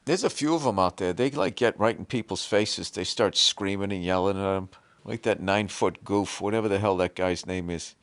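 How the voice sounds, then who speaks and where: A man's voice: low voice, moderate pace, no echo. A man hosting a podcast, ranting sarcastically with lots of swearing. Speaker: podcast host. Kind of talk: comedic rant.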